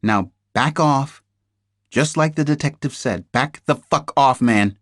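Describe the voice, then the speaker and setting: A man's voice: mid-range voice, a little slow, no room sound, studio quality, voice pushed up, close to an everyday voice. Man playing a stone-cold kidnappers' contact. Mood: icy. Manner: cold, flat and threatening. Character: icy heavy-set male kidnappers' contact, stone cold.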